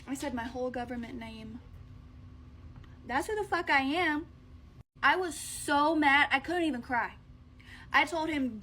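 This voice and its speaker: Woman vlogger with a high voice, blunt and profane casual storytelling. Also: measured pace, long pauses, sharp tone.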